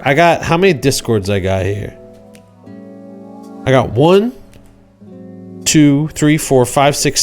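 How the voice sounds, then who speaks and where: A man hosting a casual livestream, rambling and joking, acting out quoted shouts. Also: medium pitch. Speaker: livestream host.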